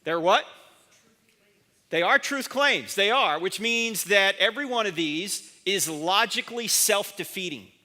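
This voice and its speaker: High, bright-voiced man in a reverberant chapel. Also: lively intonation, measured pace. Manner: emphatic, quizzes the audience, acts out objectors' lines. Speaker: guest chapel speaker. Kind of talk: university chapel talk on apologetics. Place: university chapel hall. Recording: long hall reverb.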